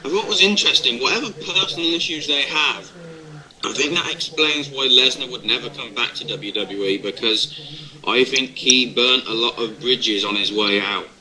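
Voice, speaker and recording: A man's voice: mid-range voice, normal speed, a crowd in the background, rough recording. A man co-hosting a casual wrestling webcast, hesitant, trailing off and restarting as he gives his opinions. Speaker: co-host. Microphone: webcam mic.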